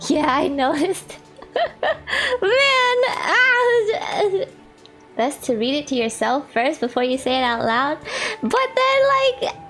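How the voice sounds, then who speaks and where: A woman streamer with a high, expressive, fairly bright voice chats with her viewers and reads a visual novel aloud at a moderate pace. She is giggly and chatty, using lots of "like" fillers, with faint music in the background.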